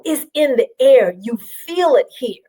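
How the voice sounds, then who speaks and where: Chatty, animated higher-voiced woman. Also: measured pace, low-quality recording. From South Carolina, US. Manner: animated, chatty, frequent fillers. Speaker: guest. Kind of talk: conversational interview storytelling.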